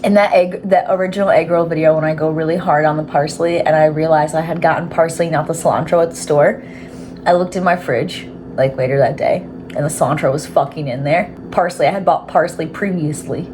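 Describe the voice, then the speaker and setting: A woman's voice: sits low, steady tone, brisk, darkish tone, slight background noise. Chatty woman cooking at home. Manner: chatty, giggly, swears casually. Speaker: cooking vlogger. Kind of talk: casual cooking chat. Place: home kitchen.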